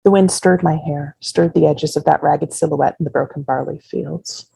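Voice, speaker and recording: Author reading her novel aloud; husky, dark, measured woman's voice. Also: sits low, steady tone, no echo, low-quality recording. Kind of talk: first-person fiction reading.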